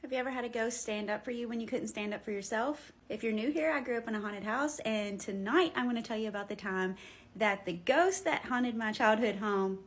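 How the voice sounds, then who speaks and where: Casting: young woman, lively and blunt, swears freely, casual ghost storyteller. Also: a little high, a little fast. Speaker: paranormal storyteller.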